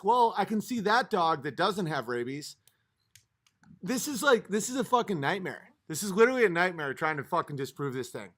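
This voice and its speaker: This livestream host's voice sits high and sounds animated, brisk, and a bit bright. He's had a few drinks and, late at night, rants heatedly with plenty of swearing as he reads out comments from his chat.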